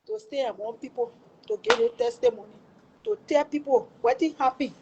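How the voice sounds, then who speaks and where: A woman's voice: on the high side, big pitch swings, fairly quick, a little mellow, slightly rough, low-quality recording. A middle-aged woman with a Liberian English accent emotionally recounting a family tragedy, acting out the quoted dialogue with exclamations. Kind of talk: emotional personal storytelling.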